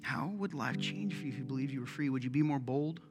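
A middle-aged male pastor giving a casual, joking, animated sermon in a church. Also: medium pitch, fast. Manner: conversational, joking, animated preaching. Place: church sanctuary. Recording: echoey hall, soft guitar behind.

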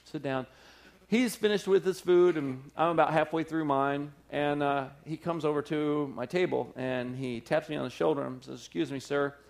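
Animated man telling a sermon story. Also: a little high, moderate pace, creaky. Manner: animated storyteller, acts out quotes, laughs often. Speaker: pastor. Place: church service.

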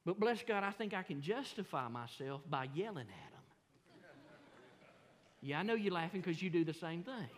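A middle-aged man, preaching a sermon as pastor in a folksy, animated, self-mocking storytelling way. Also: high-pitched, normal speed, long pauses. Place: large church sanctuary. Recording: long hall reverb in a church.

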